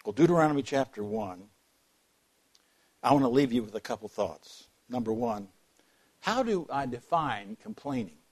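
A man's voice: mid-range voice, very animated, moderate pace, pauses often, a little mellow, breathy edge. A man preaching a sermon in a church, telling folksy stories and joking with the congregation. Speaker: pastor.

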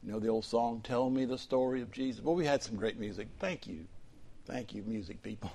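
A male pastor preaching a sermon, dropping to soft whispers and then rising to loud, fervent emphasis. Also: mid-range voice, brisk, vocal fry, breathy edge.

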